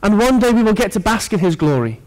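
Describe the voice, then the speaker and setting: Male preacher, slightly higher voice, sermon delivery, earnest with joking asides to the congregation. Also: very animated, fast, darkish tone.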